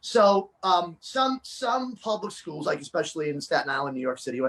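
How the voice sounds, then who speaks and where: A man chatting as a guest, an excitable storyteller who restarts his sentences a lot. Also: a little high, normal speed. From New Jersey. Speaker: guest, children's fitness performer. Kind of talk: casual interview chat.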